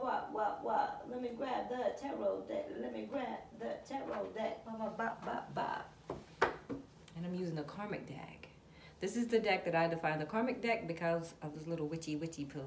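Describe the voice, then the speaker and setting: A woman's voice: mid-range voice, moderate pace, creaky. A woman giving a casual tarot reading to camera, chatting straight to her viewers and calling on spirit. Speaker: tarot reader. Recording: echoey room with background noise.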